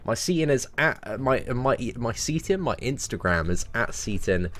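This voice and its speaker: A young man giving casual, animated commentary on a game live stream, full of slang and talking to his viewers as mates. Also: mid-range voice, moderate pace. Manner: animated and chatty, heavy slang, calls viewers mate and lads.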